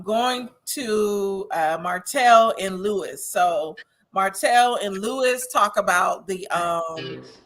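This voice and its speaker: Woman host from Wisconsin, casual recap chat, bright voice, opinionated and quick to laugh. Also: mid-range voice. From Wisconsin, USA. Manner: chatty, laughs often, opinionated. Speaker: host of a TV recap show reading viewer comments.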